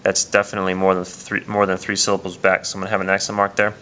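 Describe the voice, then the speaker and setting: A man's voice: sits low, monotone, racing, bright, forceful tone, a little hiss or hum. A man teaching a casual video lesson, explaining step by step with frequent "uh" and "um" fillers. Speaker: Spanish teacher.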